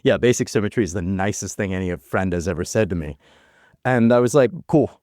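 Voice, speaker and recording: A man's voice: low voice, quick pace, no room sound, clean studio sound. A man chatting as a podcast guest, telling a story and acting out the voices of the people in it, with loose, filler-heavy phrasing. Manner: animated storyteller, acts out quoted voices. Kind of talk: casual chat.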